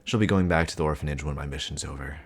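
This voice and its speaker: A man's voice: extremely low pitch, racing, voice pushed down. A man voicing a stern male spy posing as a father, in clipped, earnest inner monologue. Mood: annoyed. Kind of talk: comic reading with voices.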